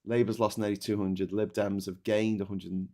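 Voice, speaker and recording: A man's voice: lowish voice, little pitch movement, normal speed, warm tone. A man hosting a casual political chat, talking hesitantly with stammered restarts and reading out viewer comments.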